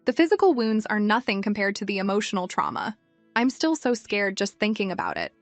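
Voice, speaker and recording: A woman's voice: mid-range voice, very animated, brisk, no room sound, natural voice. A woman voicing a coy, scheming seductress. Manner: coy, pleading. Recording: dry, music faint behind.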